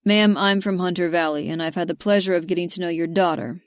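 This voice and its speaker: A woman's voice: on the low side, steady tone, quick pace, clear, resonant tone, no echo, studio quality, lightly acted. A woman doing an earnest rugged man. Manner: respectful and plain. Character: rugged grown man, earnest single father. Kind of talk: audiobook character voice.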